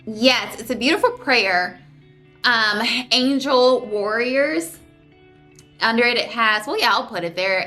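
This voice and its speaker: Faint music plays behind a young woman who takes her time telling a vlog story about her surgery. Her mid-range voice turns emotional, sometimes tearful as she fights back crying, and she animates the story by voicing quotes.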